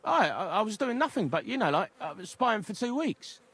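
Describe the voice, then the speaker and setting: Casting: a high-voiced, stammering cockney-sounding informant in a game, jumpy and wheedling, his pitch leaping around. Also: very animated, fairly quick, gravelly, a bit bright, husky, no echo, heavily acted. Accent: English, cockney-like. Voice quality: stammering, jittery. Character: nervous, stammering male informant in hiding. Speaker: game character. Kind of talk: video game voice acting.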